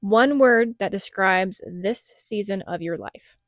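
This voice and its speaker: A woman hosting a podcast in casual chat, asking questions in a steady, reflective way. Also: mid-range voice, slow pace, dry recording, clean studio sound. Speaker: podcast host.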